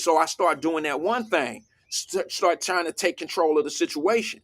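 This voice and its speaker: A man hosting a casual talk show, telling a story in an animated way and acting out what people said. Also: on the high side, normal speed. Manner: animated storytelling, acts out quotes. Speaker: host.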